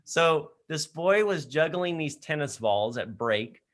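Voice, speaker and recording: Energetic man telling a story. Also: fairly high pitch, a little slow. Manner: energetic, animated storyteller who laughs often. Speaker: leadership program speaker. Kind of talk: storytelling talk to high school students. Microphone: laptop in an online session.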